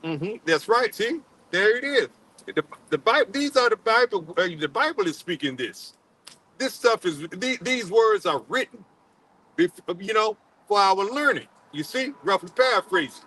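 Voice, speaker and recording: A man preaching a sermon in a halting, repetitive way, full of fillers, and calling on another man to read scripture aloud. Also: high voice, expressive, pushed and bright, low-quality recording. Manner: halting, repeats words, many fillers, calls on a reader. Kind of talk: street-style sermon with scripture reading.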